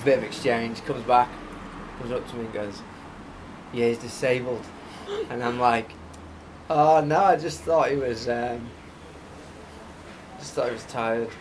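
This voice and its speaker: A man's voice: mid-range voice, measured pace, pauses often, background noise. A man, co-hosting a casual podcast and telling stories with a dry, mumbling humour. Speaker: podcast co-host. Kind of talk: casual banter.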